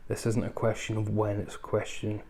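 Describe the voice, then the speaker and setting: A man's voice: fairly low pitch, completely flat delivery, a little fast, vocal fry, warm tone. A man reviewing films in a casual, rambling way, full of ums and asides. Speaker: film reviewer. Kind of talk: casual film review chat.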